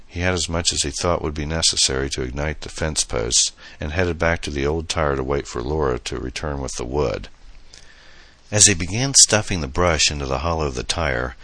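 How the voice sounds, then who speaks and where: A man reading an audiobook novel as narrator, in steady, measured storytelling. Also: rumbling low, dry recording. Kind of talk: scripted narration.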